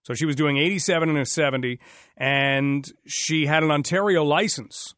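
Man, talk radio host, chatty, sarcastic, fairly high voice, dry studio sound. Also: normal speed, a bit bright, no room sound.

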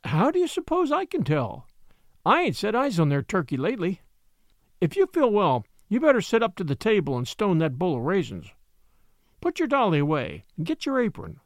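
A man's voice: high-pitched, wildly swooping pitch, a little fast, dry recording, clean studio sound, exaggerated voice. A man voicing a busy, caring country mother in an old storybook tale, fussing over her daughter in homely speech. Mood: concerned.

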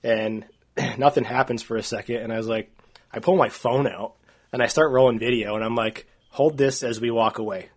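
A man co-hosting a podcast, telling a long story in a rambling, animated way, full of "like" and "uh". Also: mid-range voice, fairly quick, husky. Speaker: podcast co-host. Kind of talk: casual storytelling.

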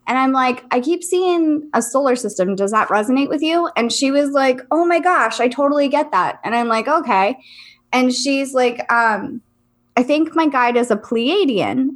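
With a slightly bright voice on the high side, this psychic reader co-hosts a podcast in relaxed conversation. Her talk wanders and is full of filler words.

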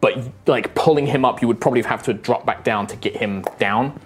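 A man's voice: medium pitch, fairly quick, faint music behind. A man narrating as game master of a tabletop game, in a loose, conversational way.

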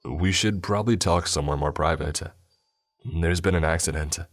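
Male police officer, read by a man, deep voice, quiet, slow, somber. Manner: speaks quietly and slowly.

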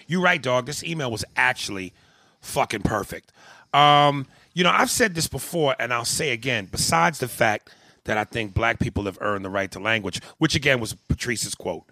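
A man's voice: mid-range voice, moderate pace, dry recording, clean studio sound. A man hosting a comedy podcast, talking casually with profane jokes. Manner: profane, animated, joking. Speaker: podcast host.

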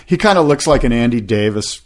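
A man's voice: mid-range voice, fairly quick. A man co-hosting a casual podcast, with a medium voice and a loose, rambling way of telling a story. He slips into other voices when he quotes people. His talk is easygoing and conversational. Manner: rambling storyteller, animated quoting. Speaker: podcast co-host. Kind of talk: casual chat.

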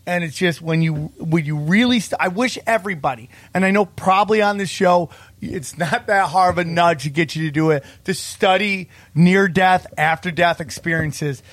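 A man's voice: high voice, moderate pace, fairly bright tone, dry recording. A man in casual conversation, talking earnestly and emphatically and saying "man" often. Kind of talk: casual chat.

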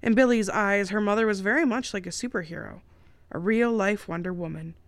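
A woman's voice: medium pitch, a little fast, no room sound. A woman, a podcast host, reading a chapter of her own novel aloud. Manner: steady storytelling narration.

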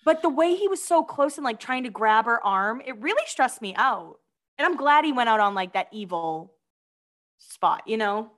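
Chatty, fairly high-voiced woman co-host. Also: lively intonation, moderate pace, fairly bright tone. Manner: chatty, giggly, apologetic asides. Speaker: podcast co-host. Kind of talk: casual chat, reading items aloud.

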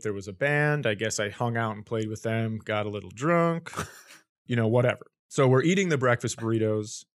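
A man telling a long comic story on a podcast, acting out the quoted lines and laughing as he goes. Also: mid-range voice. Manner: animated anecdote with quoted voices and laughter. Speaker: comedian guest.

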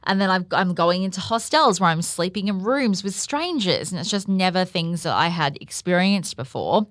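A woman's voice: fairly low pitch, lively intonation, normal speed, fairly bright tone, no room sound, clean studio sound. A woman hosting a podcast, telling a personal story in a chatty way with lots of "like" fillers. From Australia. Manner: chatty, leans heavily on "like" fillers. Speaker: podcast host. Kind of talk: casual storytelling monologue.

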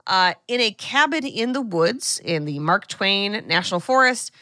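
A woman co-hosting a podcast, recapping a film in casual chat, animated and full of fillers and asides. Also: medium pitch, unhurried, no echo, studio quality. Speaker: podcast co-host.

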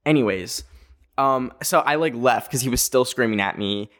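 A man in his twenties telling a story in a casual, rambling way, full of filler words, with animated pitch jumps. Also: normal speed. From Canada. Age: 20s.

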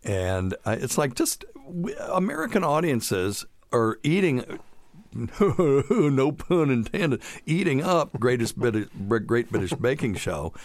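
A man's voice: mid-range voice, sing-song, slow pace, no room sound. A middle-aged man co-hosting a casual medical podcast, chatty and jokey as he reads from his notes. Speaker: podcast co-host, doctor.

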